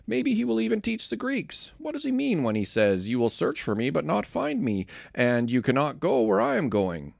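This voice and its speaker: A man's voice: a little high, wildly swooping pitch, normal speed, vocal fry, hardly any pauses, a little mellow, no room sound, studio quality, pitched above the performer's own voice, full character voice. A man reading puzzled doubting townsfolk.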